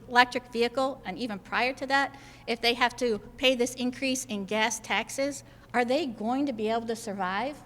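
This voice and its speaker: A woman's voice: fairly high pitch, fairly bright tone. Emphatic woman senator in a reverberant hall. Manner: emphatic, builds points in repeated lists. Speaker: state senator. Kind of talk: political press conference speech. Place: indoor government building hall.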